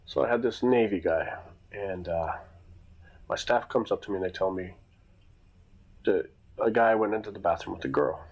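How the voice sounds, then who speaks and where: A man's voice: deep voice, moderate pace, pauses often, a little mellow, lo-fi sound. A man who runs security at a nightclub, telling a long casual story with lots of fillers and restarts. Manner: rambling, many fillers and restarts.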